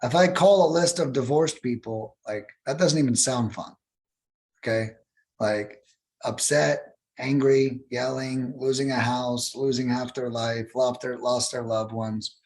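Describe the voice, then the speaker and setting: A young adult man speaking casually as a podcast guest, animated and profane, acting out callers in high voices. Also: a little slow. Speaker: guest, cold calling expert.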